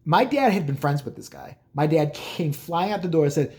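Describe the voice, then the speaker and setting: A man's voice: fairly high pitch, expressive, moderate pace, darkish tone. Profane, joking man telling stories. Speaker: vlogger. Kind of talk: casual storytelling.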